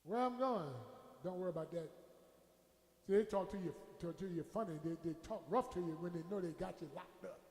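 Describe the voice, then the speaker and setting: A man preaching a sermon as pastor, shouting out lines to the congregation and dropping to quieter asides. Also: brisk. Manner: preaching with shouts and call-and-response, drops to a low aside. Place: church sanctuary. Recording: echoey hall with long reverb.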